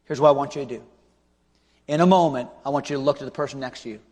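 Shouting-then-hushed male pastor in a hall. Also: medium pitch, fast talker. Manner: swings from loud shouting to hushed pleading. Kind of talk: revival sermon with altar call. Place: large church auditorium. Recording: long hall reverb.

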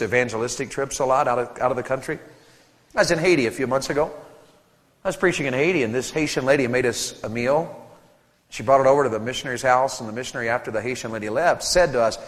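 A man in his thirties preaching a sermon to teenagers at a camp, animated and storytelling, acting out voices and joking with the crowd. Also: medium pitch, fast, long reverb tail.

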